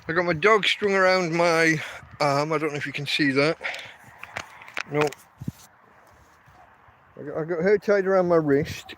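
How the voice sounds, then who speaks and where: A man's voice: a little high, measured pace, long pauses, fairly bright tone, a little hiss or hum. An English man hosting a casual live stream while walking his dog outside at night, rambling and chatting to his dog between thoughts. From England. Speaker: podcast host.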